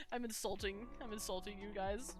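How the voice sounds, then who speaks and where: A young woman streaming while she draws, chatting casually and rambling with many fillers and restarts. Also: medium pitch. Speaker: streamer and artist. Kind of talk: casual live-stream chat while drawing.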